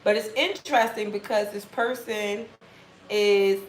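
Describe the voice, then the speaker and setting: A woman giving a casual tarot reading in a blunt, profane, animated way. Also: medium pitch, measured pace, reverberant, rough recording. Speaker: tarot reader.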